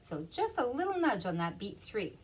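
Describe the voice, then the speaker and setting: A woman's voice: on the high side, very animated, moderate pace, poor audio. A woman piano teacher explaining rhythm in a lesson, counting beats aloud and half-singing them. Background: piano playing.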